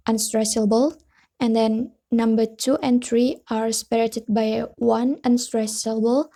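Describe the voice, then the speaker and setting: A woman's voice: fairly high pitch, mellow. A young woman with an Indonesian accent giving a class presentation, reading steadily with hesitant fillers. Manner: reads steadily, switches between English and Indonesian, hesitant fillers. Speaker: student presenter.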